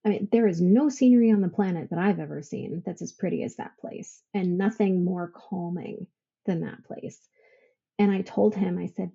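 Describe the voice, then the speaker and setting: Podcast guest, woman, warm and husky, emotional storyteller who laughs often, slightly muffled remote audio. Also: medium pitch, moderate pace. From Idaho, United States. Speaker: podcast guest, veteran business owner. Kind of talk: casual interview storytelling.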